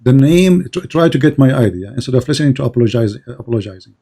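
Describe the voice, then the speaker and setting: A man's voice: medium pitch, animated, fast, creaky, mellow, breathy edge. A man whose first language is Arabic, insistent and lecturing in a heated debate, often repeating his words. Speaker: debate host.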